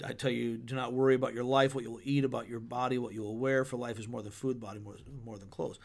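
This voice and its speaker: A man who is a pastor, talking through a Bible passage in a relaxed podcast chat and reading verses aloud with playful paraphrase. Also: medium pitch, gravelly. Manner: conversational, reads scripture with playful paraphrase. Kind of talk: podcast sermon discussion.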